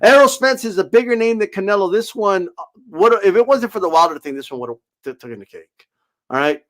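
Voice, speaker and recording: A man with a high voice delivers a fired-up boxing rant. He swears freely and mocks his critics sarcastically, telling them to shut up. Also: animated, a little fast, fairly bright tone. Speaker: boxing commentator. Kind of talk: ranting commentary.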